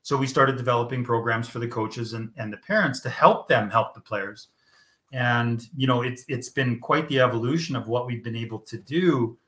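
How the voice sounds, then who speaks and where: A man's voice: medium pitch, sharp tone. A middle-aged man speaking as an interview guest about his youth program, blunt and emphatic, swearing freely. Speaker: guest, founder of a youth mental-health program. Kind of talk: candid interview talk.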